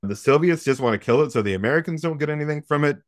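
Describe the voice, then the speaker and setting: A man's voice: a little high, expressive, racing, dry recording, studio quality. A man hosting a podcast, giving a casual, profane, wry recap of a film's plot with joking asides. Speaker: podcast host recapping a film. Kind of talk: casual comedic film recap.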